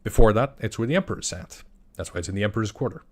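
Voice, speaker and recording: A young man from Iceland, a game master chatting casually on a livestream, rambling and excitable with many restarts. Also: on the low side, racing. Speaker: game master and channel creator. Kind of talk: casual livestream chat answering questions.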